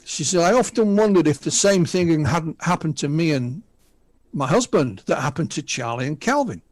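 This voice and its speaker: A man in his sixties from the north of England, with a Northern English accent, chats as a guest UFO researcher on a radio interview, retelling witness stories with asides. His fairly high voice is expressive and a little mellow, at a moderate pace, in a dry recording.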